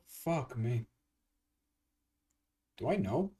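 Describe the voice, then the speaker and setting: A young man chatting on his own livestream, rambling and excitable, with lots of swearing and false starts. His voice sits at an ordinary middle pitch. He sounds a little back from his desk mic. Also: brisk, distant mic. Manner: rambling, excitable, swears a lot, many restarts. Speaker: livestream host and game composer. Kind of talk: casual livestream chat.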